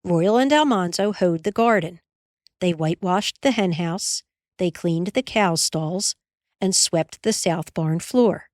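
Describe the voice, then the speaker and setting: A woman reading a children's classic aloud as an audiobook narrator, measured and expressive. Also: lowish voice, no room sound, clean studio sound. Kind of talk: scripted storybook narration.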